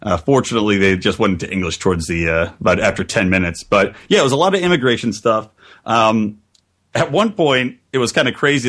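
Man, podcast host, casual roundtable chat, wry and animated delivery. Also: mid-range voice.

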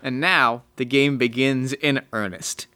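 A man's voice: mid-range voice, unhurried, sharp tone. A man narrating and explaining rules in a tabletop game in a matter-of-fact way. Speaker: player.

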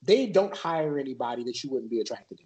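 A man's voice: medium pitch, animated, a little fast, dark tone, rough recording. A man from Maryland, a podcast guest, talking in a laid-back, loose way with lots of fillers. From Maryland, USA. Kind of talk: casual podcast chat.

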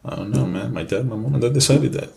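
A man's voice: mid-range voice, fast, creaky, mellow, slight background noise. A man with a Mexican accent, Spanish his first language, co-hosting a casual podcast in an earnest, repetitive way, swearing freely. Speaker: podcast co-host.

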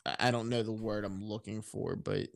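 A man's voice: fairly low pitch, little pitch movement, a little fast, vocal fry. A man co-hosting a podcast, chatting casually and often repeating words while he searches for them. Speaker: podcast co-host. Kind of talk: casual chat.

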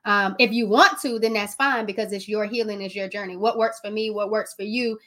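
A woman's voice: medium pitch, steady tone, fairly quick, fairly bright tone. A woman hosting a podcast, reflecting emphatically and asking rhetorical questions. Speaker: podcast host. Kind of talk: casual podcast chat.

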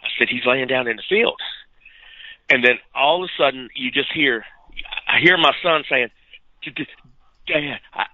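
A man co-hosting a podcast tells a story animatedly, slipping into the voices of the people in it. He is mid-pitched and casual. His voice comes through dry and narrow, like a phone line. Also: normal speed, pauses often, no room sound. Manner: animated storyteller, acts out dialogue. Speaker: podcast co-host.

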